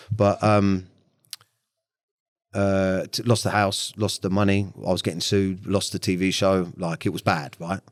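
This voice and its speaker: Low-voiced frank man. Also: dry recording, clean studio sound. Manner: frank and blunt, swears freely, halting restarts. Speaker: podcast guest. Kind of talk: candid interview talk.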